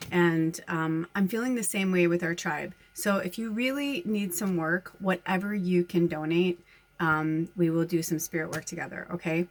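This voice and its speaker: Chatty woman medium, rambling and lively. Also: lowish voice, moderate pace, a little hiss or hum. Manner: rambling, chatty, laughs often, swears casually. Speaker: spiritual medium and channel host. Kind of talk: casual chat to followers.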